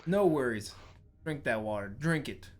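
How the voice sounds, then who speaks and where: A man's voice: medium pitch, expressive, normal speed. A man hosting a livestream, talking in an easygoing, rambling way. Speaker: stream host. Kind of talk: casual livestream chat.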